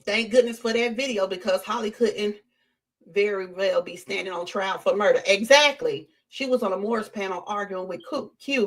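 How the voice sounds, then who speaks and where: A woman hosting a casual live-stream, talking straight to her chat in an animated way and repeating her points for emphasis. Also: medium pitch, normal speed. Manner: animated, repeats herself, addresses chat directly. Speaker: livestream host.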